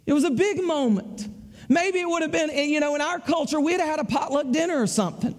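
A man's voice: very high-pitched, brisk, big-room sound. A man with a Southern US accent preaching a sermon in a folksy, conversational way, repeating his phrases. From American South.

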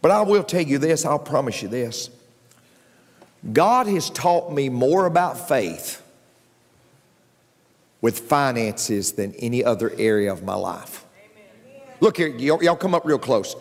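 Animated preacher in a big hall. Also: male voice, measured pace, pauses often. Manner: animated preaching with jokes, voice leaping up in pitch. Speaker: pastor. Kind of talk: sermon. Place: church sanctuary. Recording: long reverb of a large hall.

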